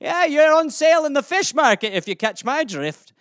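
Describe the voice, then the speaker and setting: A man's voice: very high voice, sing-song, moderate pace, fairly bright tone, no room sound, studio quality, pitched above the performer's own voice, exaggerated voice. A man voicing a chatty Scottish man who rambles through made-up sayings, cheerfully insulting his listener. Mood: cheeky.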